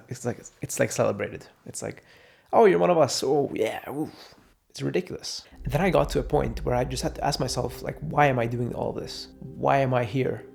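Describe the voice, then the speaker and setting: A young man vents to camera in a loose, sarcastic rant, swearing freely and mocking others in quoted voices. His voice sits at a middle pitch and turns gravelly and fried. Faint music plays softly beneath him. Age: young adult. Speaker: vlogger. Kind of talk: casual ranting monologue.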